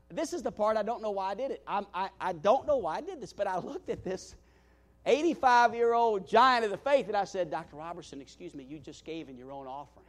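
High-voiced, animated male pastor. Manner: animated, self-deprecating, frequent restarts and "you know". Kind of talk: sermon storytelling.

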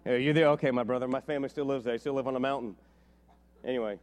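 A middle-aged man from West Virginia preaching a sermon, telling stories and rising to animated, shouted peaks. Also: mid-range voice, racing. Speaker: pastor.

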